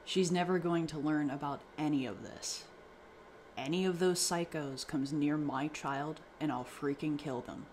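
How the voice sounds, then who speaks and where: Protective dad, yells at his wife, soft with his child, read by a male narrator. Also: a little high, steady tone, measured pace, slight background noise, lightly acted. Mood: furious. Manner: shouting, furious, then gentle. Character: angry protective father, adult man.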